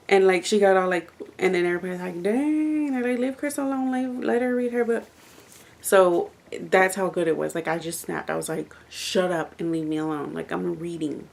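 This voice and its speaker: A woman's voice: lowish voice, gravelly, darkish tone. A young woman reviewing a book in casual, rambling chat, full of fillers and restarts. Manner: rambling, chatty, lots of fillers.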